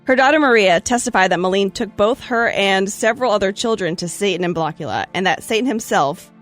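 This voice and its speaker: A woman hosting a casual group podcast, reading out a historical trial with animated asides and laughs. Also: mid-range voice, brisk, soft background music. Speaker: storyteller host.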